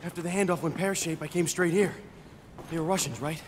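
A man's voice: fairly high pitch, brisk, close to an everyday voice. An actor playing a jumpy male special forces soldier talking in a tense, clipped rush in a war game. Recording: voice over loud battle noise.

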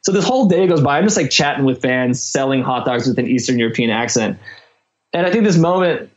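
A man's voice: medium pitch, animated, fairly quick. A young man from Chicago, a podcast guest telling a story in a casual, rambling way with lots of fillers.

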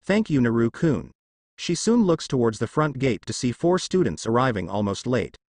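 A man narrating a fan fiction story aloud in a plain, steady reading voice with occasional misread words. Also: medium pitch, moderate pace, no echo.

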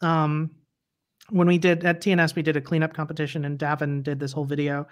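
Woman chatting with a quick laugh. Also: low voice, level tone, muffled recording. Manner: chatty, laughs often while explaining. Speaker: interview guest. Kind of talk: casual livestream chat.

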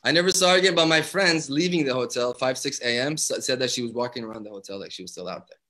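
A man's voice: medium pitch, fast talker, pushed and bright, poor audio. A young adult man, a rapper from Iran, telling a story in a casual live interview, acting out the quotes and laughing often. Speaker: guest rapper.

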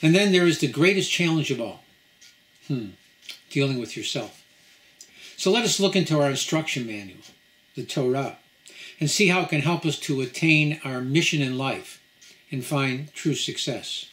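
A man delivers a sermon-style lecture as a rabbi speaking to guests in a home. His voice sits a little higher than usual, and he tells his story in a measured way, pausing between phrases. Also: animated, fairly bright tone. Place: home gathering.

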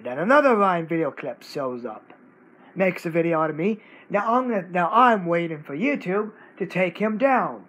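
A man's voice: sits high, animated, normal speed, fairly bright tone, slight background noise, poor audio. A man ranting to camera as the channel owner, scolding someone in short, repetitive bursts. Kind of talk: angry rant to camera.

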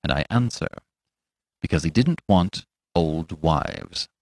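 A man's voice: deep voice, animated, takes it slowly, darkish tone, no echo, studio quality, pitched below the performer's own voice. A man doing a cool, sneering young doctor. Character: young, reckless, unscrupulous male doctor.

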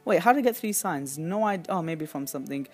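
A woman hosting a gaming video, giving excitable, chatty commentary as she plays and often squealing in excitement. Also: on the low side, quick pace, faint music behind. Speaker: gaming channel host. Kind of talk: casual game commentary.

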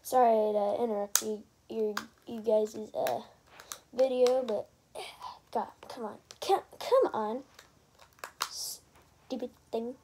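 A woman's voice: on the high side, takes it slowly, long pauses, dark tone, slight background noise. A young woman giving rambling, chatty gameplay commentary and pleading with viewers to subscribe. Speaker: gaming channel creator.

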